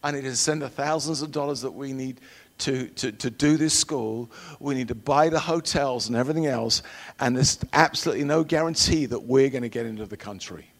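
A middle-aged man preaching a sermon and telling personal stories, shifting from loud emphatic declarations to hushed storytelling. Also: mid-range voice, a little fast. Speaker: preacher and missionary trainer. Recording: long hall reverb.

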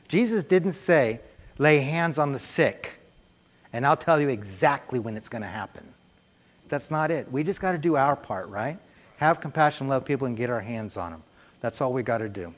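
A middle-aged man preaching a sermon in a conversational, animated way, telling a personal story and acting out the voices in it. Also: on the high side. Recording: reverberant church hall.

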